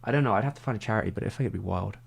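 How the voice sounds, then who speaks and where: A man's voice: on the low side, rapid-fire, gravelly, slightly rough. A man chatting casually on a livestream, rambling and saying "like" constantly. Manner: rambling, heavy use of "like".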